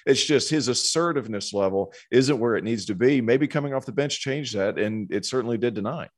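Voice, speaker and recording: A man talking college basketball as an analyst on a casual sports podcast, telling stories in a relaxed way. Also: mid-range voice, a little fast, breathy edge. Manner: relaxed storytelling, animated when quoting others.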